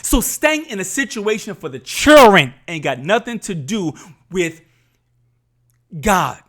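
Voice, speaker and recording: A man's voice: sits high, very animated, takes it slowly, fairly bright tone. A man talks straight to his viewers like a preacher. He is emphatic and candid, leaning on repetition to hammer his points home. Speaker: podcast host. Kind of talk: candid faith talk to viewers.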